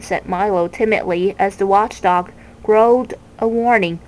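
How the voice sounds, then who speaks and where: A woman reading a children's novel aloud in a slow, measured way, with small restarts. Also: mid-range voice, a little mellow, low-quality recording. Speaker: reader.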